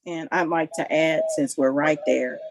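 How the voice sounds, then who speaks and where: A woman's voice: low voice, steady tone, unhurried, creaky, dry recording, rough recording. A married woman on a couples panel, talking with passion and emphasis in casual discussion.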